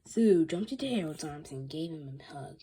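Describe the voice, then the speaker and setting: A woman reading a children's chapter book aloud, halting and restarting often. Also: deep voice, lively intonation, mellow, slightly rough. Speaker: reader.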